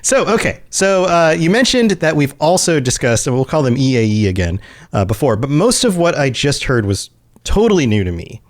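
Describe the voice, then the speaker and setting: A man co-hosting a podcast, playful and quick to joke in casual banter. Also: a little high, very animated, no room sound, clean studio sound. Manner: playful, joking, laughs often. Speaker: podcast co-host.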